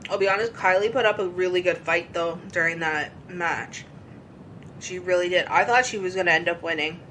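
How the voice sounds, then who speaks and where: A woman's voice: fairly low pitch, a little fast, fairly bright tone, a little hiss or hum, rough recording. A woman co-hosting a casual podcast chat, teasing her partner and giving blunt opinions. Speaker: podcast co-host.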